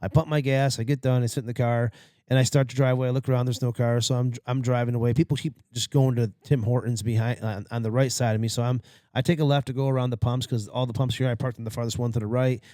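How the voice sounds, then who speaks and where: A man rattles through a story at a quick clip, swearing freely and acting out every quoted line with gusto. The sound is close and dry, with no room around it. He talks like a podcast co-host chatting with friends. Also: medium pitch, little pitch movement, warm tone, no echo. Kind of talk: casual storytelling chat.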